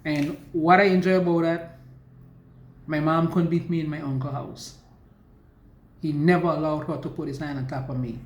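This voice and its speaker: In echoey audio, a survivor from the US Virgin Islands tells her own story, her voice low-pitched, steady and darkish. Her testimony comes out haltingly, broken by restarts and slow, emotional passages.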